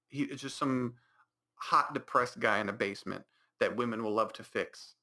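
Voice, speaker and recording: A man's voice: medium pitch, brisk, sharp tone. A man hosting a podcast, rambling through a mocking recap of a movie with many restarts and put-on reactions. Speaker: podcast host.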